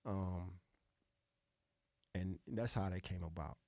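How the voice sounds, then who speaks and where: A middle-aged man, a music producer being interviewed, telling stories in a relaxed, salty way and often adding "you know what I'm saying". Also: low voice, slow pace, dry recording. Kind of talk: casual interview storytelling.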